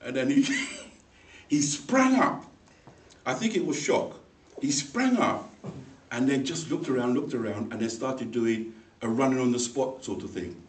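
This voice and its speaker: A man giving a humorous personal story as a speech, animated and acting out the people in it. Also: medium pitch, a little slow. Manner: animated, acts out voices in the story, laughs along. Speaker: speaker at a speaking club. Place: meeting room. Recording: echoey room, mic far off, faint noise.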